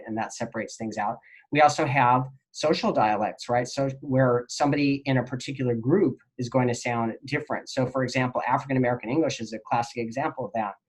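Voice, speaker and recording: A man teaching a class, answering student questions in a relaxed, rambling lecture with many fillers. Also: mid-range voice.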